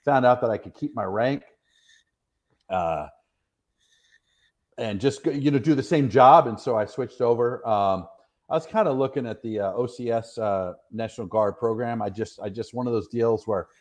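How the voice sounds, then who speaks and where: A man's voice: medium pitch, moderate pace. A middle-aged man from the northwestern United States, an interview guest chatting through long stories, rambling and self-deprecating with plenty of fillers. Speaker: interview guest, retired soldier. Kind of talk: casual storytelling interview.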